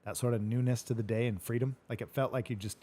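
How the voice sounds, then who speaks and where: A man's voice: mid-range voice, fairly even intonation, fast, dark tone. A man hosting a casual podcast chat, swearing freely and acting out the arguments in his stories. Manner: swears a lot, retells arguments animatedly. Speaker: podcast host.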